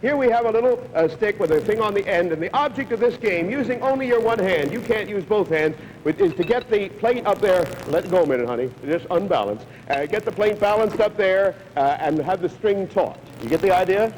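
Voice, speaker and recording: A man with a notably high voice hosts a live television game show. He keeps up a brisk, chatty patter, urging players on, with a faint hiss under the sound. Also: lively intonation, a little mellow, big-room sound, poor audio. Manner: brisk, chatty, coaxing contestants along.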